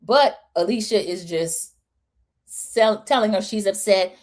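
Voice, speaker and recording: A woman's voice: mid-range voice, unhurried. A middle-aged woman hosting a livestream recap, casually chatting and acting out what the cast said. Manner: animated retelling, acting out quoted lines. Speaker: host of a reality show recap livestream. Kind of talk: casual chat.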